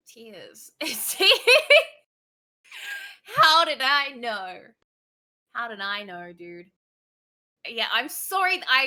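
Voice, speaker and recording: A woman's voice: mid-range voice, bright, forceful tone. A young woman streamer chatting casually as a guest, talkative, swearing now and then and laughing easily. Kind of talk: casual chat.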